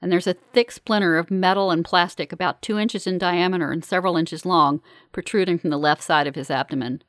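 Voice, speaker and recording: Calm, low-voiced woman narrating. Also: fairly quick, hardly any pauses, dry recording, clean studio sound. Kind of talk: first-person audiobook narration.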